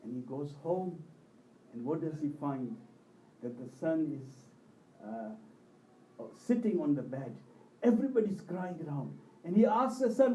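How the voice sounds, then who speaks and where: A man delivers a religious sermon in an impassioned storytelling manner, his voice swelling and dropping with emotion. His voice sits high but has a mellow, dark tone. He is heard from a distance in an echoey hall. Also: animated, moderate pace. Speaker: preacher.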